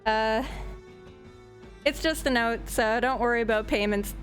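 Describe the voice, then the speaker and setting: A woman's voice: on the high side, unhurried, faint music behind, close to an everyday voice. A woman doing a sly, teasing young courier. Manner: teasing, coy, winks and pouts.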